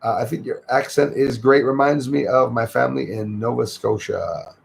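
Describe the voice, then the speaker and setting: Gravelly Quebec man chatting on livestream. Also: medium pitch, steady tone, normal speed, a little hiss or hum. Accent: Québécois French. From Quebec, Canada. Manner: chatty, thanks viewers by name, lots of fillers. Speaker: livestream host. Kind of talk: casual livestream chat reading comments.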